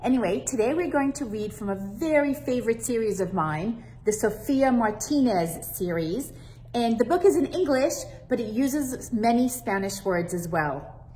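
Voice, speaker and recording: A woman working as a children's librarian, reading a storybook aloud to kids in a warm, friendly, expressive way. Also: on the high side, moderate pace.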